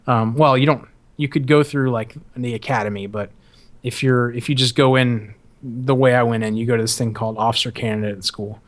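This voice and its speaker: A young man hosts a podcast and tells a story in a loose, rambling way. He swears freely and laughs often. His voice sits at a medium pitch. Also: steady tone, fairly quick. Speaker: podcast host. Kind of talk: casual storytelling.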